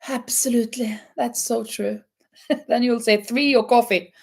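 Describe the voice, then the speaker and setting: A woman's voice: fairly high pitch, fairly even intonation, a little slow, gravelly, darkish tone, breathy edge. A woman hosting a live crochet chat, reading out quiz questions and answering viewers, laughing often. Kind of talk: casual live-stream chat.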